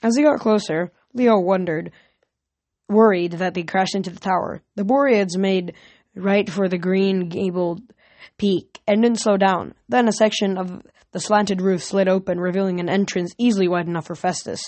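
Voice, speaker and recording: A woman reading a novel aloud at home in a plain, steady way, with small slips and restarts. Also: mid-range voice, normal speed, no room sound. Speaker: reader.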